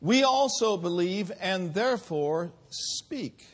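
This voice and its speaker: A man preaching a sermon in a church, with call-and-response and drawn-out emphasis. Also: high voice, animated, breathy edge.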